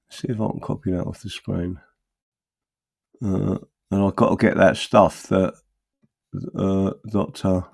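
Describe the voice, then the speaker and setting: A middle-aged man runs a casual livestream from home, reading out viewer comments. His low voice has a gravelly, creaky edge. He rambles, jumps up into animated bursts, then drops to mutters while fiddling with his screen. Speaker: political livestream host.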